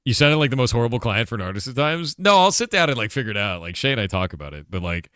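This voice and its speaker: Deep-voiced laid-back man chatting on stream. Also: fast, a bit bright, no room sound, clean studio sound. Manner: laid-back, laughs often, says "dude" a lot; reads chat questions aloud and answers them. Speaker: streamer and game developer. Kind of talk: casual live-stream chat.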